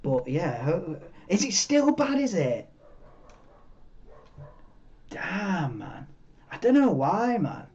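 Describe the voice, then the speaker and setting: A man hosting a live stream, chatting casually in a rambling, excitable way and swearing freely. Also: sits high, slow pace, pauses often. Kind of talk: casual live watchalong chat. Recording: dull lo-fi mic, tinny.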